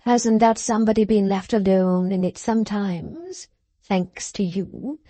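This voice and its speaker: A woman voicing a hard, sharp-tongued woman clerk in a storybook reading, blunt and scornful. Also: medium pitch, unhurried, no echo, lightly acted. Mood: triumphant.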